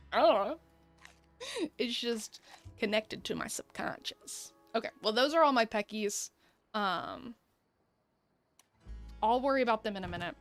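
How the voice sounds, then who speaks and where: During casual gameplay commentary, a woman streamer rambles, laughs often and talks to her viewers. She speaks a little slowly with frequent pauses, in a slightly high, bit bright voice, with faint music in the background.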